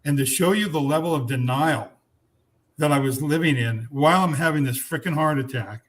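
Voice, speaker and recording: Frank older man telling his story. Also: fairly high pitch. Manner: frank, earnest, blunt language, halting restarts. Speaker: guest. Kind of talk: candid personal storytelling.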